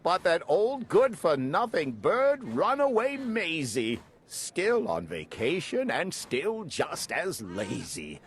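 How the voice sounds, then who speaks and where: A man reading a rhyming children's story aloud in an animated, sing-song way, acting out the characters. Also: a little high, slow pace, few pauses, a little hiss or hum. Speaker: storybook reader.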